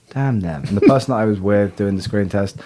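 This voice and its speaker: A man's voice: lowish voice, quick pace, warm tone. A man, an actor, telling stories in a casual interview, laughing often at himself. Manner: laughs often, self-deprecating. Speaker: actor guest.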